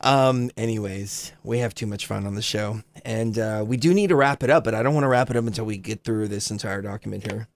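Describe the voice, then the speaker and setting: A man's voice: fairly low pitch, fairly quick, vocal fry, hardly any pauses. Guy cohosting a live stream, laughs a lot, swears, reads a doc aloud stumbling. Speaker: livestream co-host. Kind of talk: casual live-stream chat and document reading.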